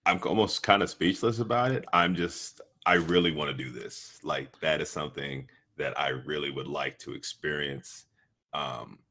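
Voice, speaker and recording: A man co-hosting a casual live podcast, laid-back and quick to laugh. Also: a bass voice, bright, forceful tone. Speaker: podcast co-host.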